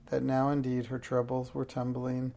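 A reader narrating a children's storybook aloud in a steady, unhurried way, with small slips. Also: mid-range voice, gravelly.

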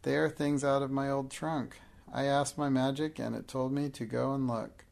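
A man reading the part of an imaginative young girl who loves pretending, in an even, gravelly voice. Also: mid-range voice, moderate pace, close to an everyday voice.

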